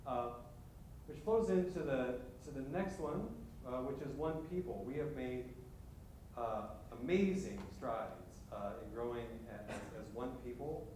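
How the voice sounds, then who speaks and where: A man, a parish pastor, giving a halting leadership talk full of restarts and "right?" asides. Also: animated, dark tone. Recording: echoey hall from far off, faint rumble.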